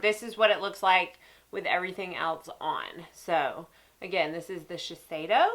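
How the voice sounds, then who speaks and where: A woman's voice: on the low side, bright, forceful tone. A woman, stuffy-nosed from a cold, chatting casually to viewers while reviewing makeup. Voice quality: nasal. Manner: chatty, talks straight to viewers. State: stuffy nose from sinus cold. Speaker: makeup artist vlogger. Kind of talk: casual beauty review and demo.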